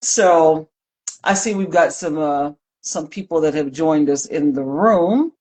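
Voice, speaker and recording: A woman's voice: deep voice, unhurried, darkish tone. A woman co-hosting a casual live-stream chat, leading the talk with playful, dry humor. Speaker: co-host.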